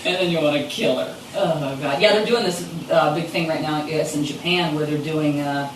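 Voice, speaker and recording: A woman's voice: low voice, normal speed. A woman co-hosting a podcast, chatting in a sarcastic, wisecracking way, recorded in an echoey room from a distance. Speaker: podcast co-host. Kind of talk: casual chat. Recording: echoey room, distant mic, faint hiss.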